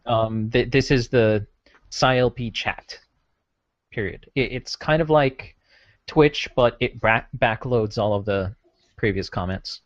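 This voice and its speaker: A man's voice: mid-range voice, slow, no room sound. Hesitant man on dull chat audio. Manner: hesitant, many ums. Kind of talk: casual game chat.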